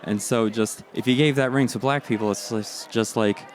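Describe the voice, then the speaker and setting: A man's voice: medium pitch, steady tone, normal speed. A man starting a stand-up set, hesitant and mock-defensive. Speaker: stand-up comedian. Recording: faint outdoor street noise.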